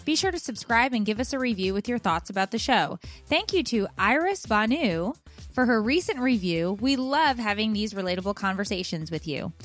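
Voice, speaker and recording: A woman's voice: mid-range voice, very animated, soft background music. Chatty woman podcast host. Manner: chatty, quick laughs, playful. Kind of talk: casual chat.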